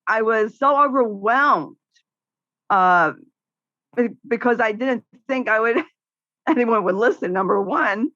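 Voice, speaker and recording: A middle-aged woman's fairly high voice comes through a dry, muffled recording. As a guest in a casual podcast interview, she speaks outspokenly about caregiving and shares animated stories with laughter.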